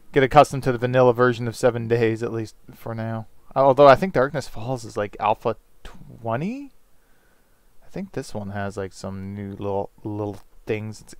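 A man's voice: medium pitch, clear, resonant tone. A man on a headset mic, rambling through casual let's-play commentary with self-deprecating jokes and casual swearing. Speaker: gaming channel host.

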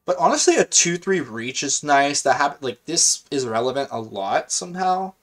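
A man hosts a gaming video, chatting casually and excitedly about his own play as it happens, full of slang and thinking out loud. His voice is fairly high and his speed normal.

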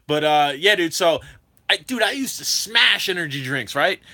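A man's voice: fairly high pitch, normal speed. A young man hosting a drone livestream, chatting casually with viewers in a hyper, slangy way. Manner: hyper, animated, slangy, talks to chat.

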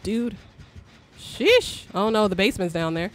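A young woman streams a game and talks nonstop, her voice swinging widely from low mutters to sudden high shrieks. She is excitable and swears freely as the game plays out, her pitch sitting in an ordinary middle range. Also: a little slow. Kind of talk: live gameplay commentary.

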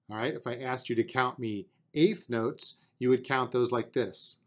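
A man's voice: medium pitch, moderate pace, few pauses, muffled recording. A man teaching a beginner drum lesson, patiently explaining and counting out beats aloud, with an encouraging manner.

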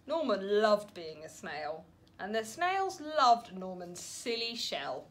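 Woman, storybook reader for children, slow and unhurried, very lively sing-song pitch. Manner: gentle, expressive storytelling with dramatic pauses. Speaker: family centre worker reading to children. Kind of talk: children's storybook read-aloud.

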